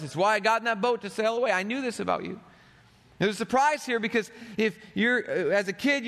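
A man's voice: high voice, a bit bright. A man preaching a sermon, dramatically acting out the voices he quotes. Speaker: pastor. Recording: long hall reverb.

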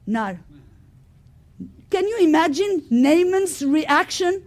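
High-voiced woman preaching a sermon. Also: lively intonation, a little slow. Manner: storytelling, acting out the characters' voices; swings from quiet asides to shouted exclamations.

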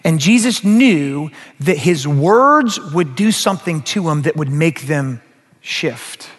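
A man preaching a sermon as pastor, animated and speaking straight to the congregation. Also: fairly high pitch, slow. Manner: animated, acts out quoted voices, addresses the crowd directly. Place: church sanctuary. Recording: long reverb of a large hall.

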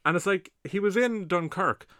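A man's voice: high-pitched, normal speed, sharp tone, dry recording. A man co-hosting a podcast, ranting bluntly and swearing, recorded right up against the mic. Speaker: podcast co-host. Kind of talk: casual chat. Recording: very close to the mic, breathing audible.

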